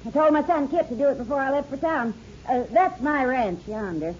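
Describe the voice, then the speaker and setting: Brief: a folksy ranch mother, high voice, western drawl, dull lo-fi old radio recording. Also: animated, a little fast, a little hiss or hum. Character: protective ranch mother, middle-aged, firm. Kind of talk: 1950s radio drama acting.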